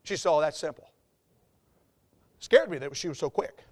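Man, Southern accent, pastor's sermon, high voice, joking and folksy, loud-and-soft swings. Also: animated, moderate pace. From American South.

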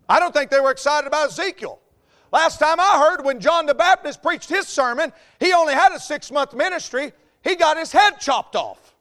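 A man with a Southern US accent, preaching a folksy, joking sermon as a pastor, swinging between quiet asides and loud outbursts. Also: very high voice. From American South.

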